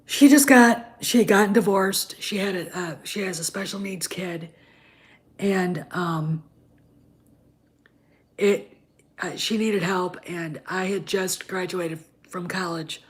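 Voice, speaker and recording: A woman's voice: fairly low pitch, slow. A woman, chatting casually on a livestream and rambling with many fillers and restarts. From Wisconsin, US. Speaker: livestream host.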